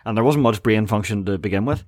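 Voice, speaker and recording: A young man co-hosting a podcast, recapping a cartoon episode in a chatty, halting way with frequent ums. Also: on the low side, a little mellow. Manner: chatty, laughs often, hesitant with ums. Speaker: podcast co-host.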